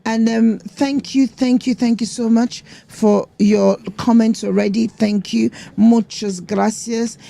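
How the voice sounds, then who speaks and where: A female co-host speaks slowly and carefully in a casual chat, her higher voice gravelly with fry. Her tone is warm and mellow, recorded dry and close. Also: steady tone. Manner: slow, careful and hesitant.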